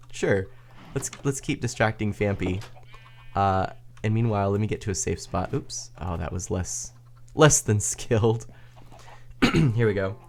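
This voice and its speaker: A man chats casually with his viewers while he plays a building game. His voice sits low but swings widely in pitch, and he laughs often and pokes fun at himself. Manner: chatty, self-deprecating, laughs often. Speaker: streamer. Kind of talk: casual gaming stream chat.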